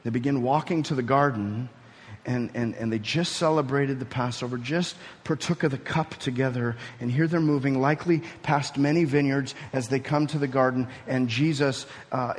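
A man preaching a sermon, teaching through a passage and building to emphatic peaks. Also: mid-range voice. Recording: reverberant hall.

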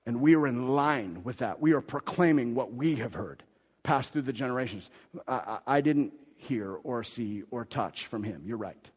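A man preaching a sermon as pastor, swinging from quiet asides to loud, emphatic declarations and repeating key phrases. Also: mid-range voice, animated, normal speed, breathy edge, long reverb tail.

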